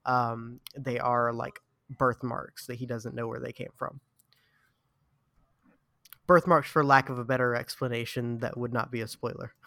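A man hosting a tabletop game podcast, rambling and halting in casual chat with friends, laughing at himself. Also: mid-range voice, little pitch movement, bright, forceful tone, dry recording. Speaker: podcast host and player.

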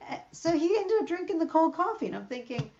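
A woman's voice: very high voice, sing-song, fast, warm tone. A middle-aged woman co-hosting a podcast, telling everyday stories in casual chat and acting out what people said. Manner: chatty storyteller, acts out quoted exchanges. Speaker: podcast co-host. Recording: slightly dull lo-fi sound.

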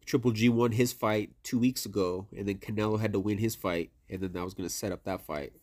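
A man's voice: on the low side, steady tone, a little fast, darkish tone. A man co-hosting a podcast, chatting casually about fights, swearing often and trailing off with "I don't know.". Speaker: podcast co-host. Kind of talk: casual chat.

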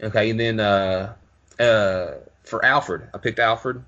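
A man talking casually as a podcast co-host, halting with many fillers and repeated words. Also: on the low side, steady tone, bright, forceful tone, lo-fi sound. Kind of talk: casual chat.

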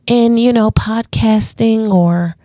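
A woman co-hosting a podcast, chatting casually and telling profane, animated stories. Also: fairly high pitch, slow, no room sound, studio quality. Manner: profane, animated storytelling with put-on voices. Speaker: podcast co-host.

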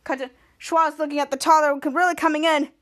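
A woman's voice: high-pitched, fairly even intonation, brisk, fairly bright tone. A woman hosting a podcast, retelling a TV episode scene by scene and acting out the characters' lines in a raised voice. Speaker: podcast host. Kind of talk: recapping a TV episode.

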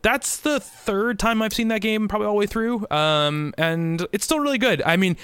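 A man's voice: sits high, moderate pace, fairly bright tone, clean tone, no echo. A man co-hosting a gaming podcast, chatting casually and rambling with frequent fillers and restarts. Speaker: podcast co-host. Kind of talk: casual chat.

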